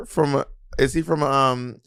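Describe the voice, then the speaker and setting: A man's voice: medium pitch, steady tone, measured pace, creaky, fairly bright tone, smooth, no room sound, studio quality. A man co-hosting a podcast, chatting casually and teasing his co-host with jokes. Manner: teasing, joking, talks with hands. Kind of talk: casual chat.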